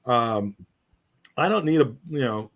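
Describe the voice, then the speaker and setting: A man's voice: mid-range voice, animated, unhurried, fairly bright tone. Rambling middle-aged man. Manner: rambling, restarts often, earnest. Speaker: podcast co-host. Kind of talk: casual chat.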